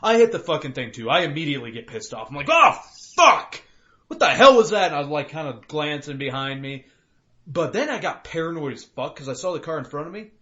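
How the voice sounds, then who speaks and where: A man's voice: a little high, expressive, fast talker, fairly bright tone. A young man from Colorado co-hosting a podcast, chatting casually with lots of swearing and acting out his car and other drivers. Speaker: podcast co-host. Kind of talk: casual chat. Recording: dull lo-fi podcast audio.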